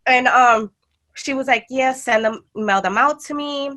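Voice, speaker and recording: Excited young woman telling a story. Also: high voice, a little slow. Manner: excited storyteller, animated retellings. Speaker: guest artist and jewelry designer. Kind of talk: casual chat.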